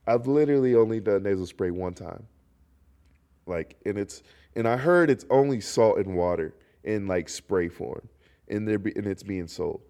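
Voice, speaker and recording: A man's voice: on the low side, moderate pace, smooth. A young man from North Carolina hosting his own solo podcast, talking in a rambling, jokey way while congested. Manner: rambling, animated, jokey asides. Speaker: podcast host. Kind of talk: casual solo podcast monologue.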